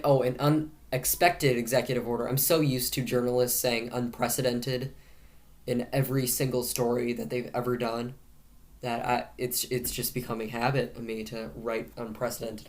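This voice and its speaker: A man at a middle pitch talks through the day's news into a camera. His tone is casually sarcastic, with dry jokes dropped between the headlines. He keeps tripping over his words and fixing them as he goes. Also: a little mellow. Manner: frequent self-corrections and restarts. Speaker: host of a news commentary show.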